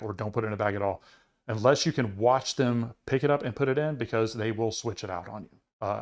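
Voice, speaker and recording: Rambling male podcast storyteller. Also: on the low side. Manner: rambling storyteller with many fillers. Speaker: podcast co-host. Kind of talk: casual chat.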